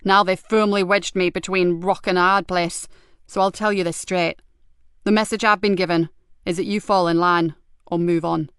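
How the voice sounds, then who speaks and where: A woman's voice: on the low side, steady tone, moderate pace, fairly bright tone, clean tone, dry recording. A woman reading an audiobook, voicing a blunt, loyal male police superintendent with dry humor. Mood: firm. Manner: blunt, patient, dryly humorous. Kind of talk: audiobook character voice.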